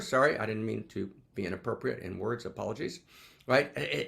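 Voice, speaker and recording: Man hosting a teaching talk, really animated, keeps asking the group if theyre ready, loud then quiet. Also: mid-range voice, brisk, gravelly. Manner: rallying, repeats questions, swings from loud to soft. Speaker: host and teacher.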